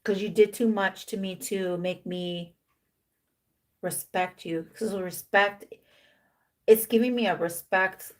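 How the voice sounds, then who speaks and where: A woman reads tarot cards in a loose, talkative way at an ordinary middle pitch. She comes back to the same phrases again and again for emphasis. She sprinkles Spanish slang into her English and slips into quick acted lines for the figures on the cards. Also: steady tone. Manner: drops in Spanish slang words; acts out imagined dialogue of the cards' figures. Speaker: tarot reader. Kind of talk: casual tarot reading to camera.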